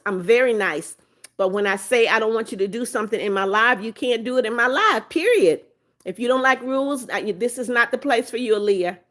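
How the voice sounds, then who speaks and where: A woman's voice: on the high side, sharp tone. A woman from Florida hosting a phone livestream, reading viewers' chat comments aloud and thanking them by name, chatty and firm about her rules. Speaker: livestream host.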